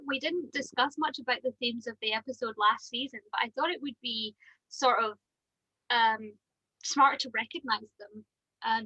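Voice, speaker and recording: A woman's voice: high-pitched, pushed and bright, husky, dry recording, highs cut off. A woman co-hosting a casual fan podcast, chatty and giggly, with lots of ums. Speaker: podcast co-host.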